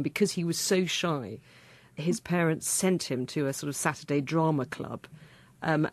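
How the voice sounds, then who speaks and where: Woman, radio arts presenter, lowish voice, measured questions. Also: no echo. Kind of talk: radio interview and narration.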